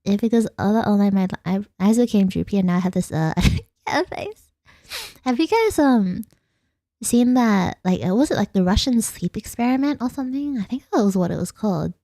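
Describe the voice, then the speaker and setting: Young aussie woman streamer, giggly and rambly, mellow voice, dry close mic. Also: mid-range voice, expressive, moderate pace, dry recording. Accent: Australian. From Australia. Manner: giggly and rambling, reads chat aloud. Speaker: vtuber streamer. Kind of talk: casual late-night chat with viewers.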